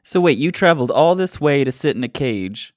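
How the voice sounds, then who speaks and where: A man's voice: medium pitch, expressive, brisk. A man co-hosting a casual podcast chat, teasing and joking with his friend. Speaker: podcast co-host.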